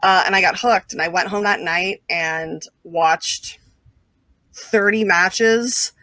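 A woman telling a long personal story as an interview guest, casual and animated, full of fillers and quick asides. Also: lowish voice, no echo.

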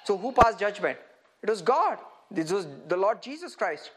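A man preaching a sermon in an animated way, often laughing and asking his listeners rhetorical questions. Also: high voice, moderate pace, slightly rough.

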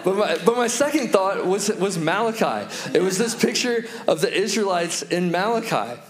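A man in his thirties delivering a sermon with a slightly higher-than-usual voice. He tells stories from family life and slows down hard on repeated key phrases. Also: expressive, background noise. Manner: storytelling with slow, emphatic repetitions. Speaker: pastor.

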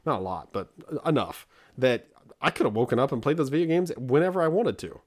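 His mid-range voice is sing-song and brisk. As a podcast co-host in his forties, he wanders through casual stories about his kids, breaking off and restarting as he interrupts himself.

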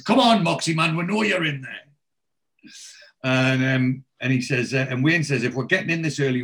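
A man on a podcast, recapping a TV series in casual chat, quoting the characters' dialogue with lots of fillers and restarts. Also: mid-range voice. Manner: animated storyteller, many fillers and restarts. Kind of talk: casual chat, retelling scenes with quoted dialogue.

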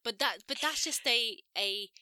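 A woman's voice: on the high side, moderate pace, sharp tone. A woman co-hosting a podcast in casual chat, chatty and mocking, laughing along. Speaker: podcast co-host.

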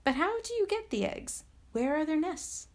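A woman's voice: a little high, lively intonation, unhurried. A woman voicing a curious little girl princess in a storybook reading, asking eager, wondering questions.

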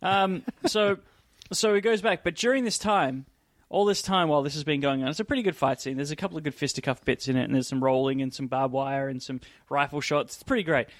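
A man's voice: fairly high pitch, brisk, dry recording, studio quality. A man co-hosting a casual movie chat, retelling scenes with energy and acting out characters' lines. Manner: animated storytelling, acts out characters' lines. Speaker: podcast co-host.

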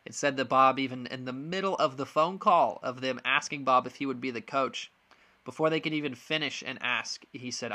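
Bright-voiced young man ranting about sports. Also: medium pitch, moderate pace. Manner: frank, frustrated, many ums and restarts. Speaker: sports podcast host. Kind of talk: casual opinion monologue.

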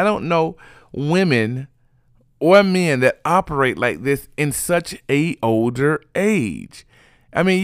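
Man, sassy reality TV recap, chatty and animated, sleepy, smooth resonant voice. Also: mid-range voice, no echo, studio quality. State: sleepy, yawning. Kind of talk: casual gossip recap.

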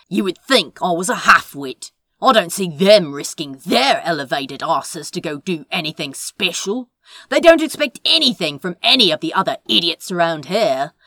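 A woman's voice: fairly low pitch, bright, forceful tone, no room sound, studio quality, heavily acted. A woman voicing a short-tempered young male sorcerer who grumbles sarcastically.

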